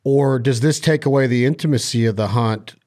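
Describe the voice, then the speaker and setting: A man hosting a podcast, asking eager, halting questions with lots of restarts. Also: mid-range voice, a little mellow. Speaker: podcast host. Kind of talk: casual chat.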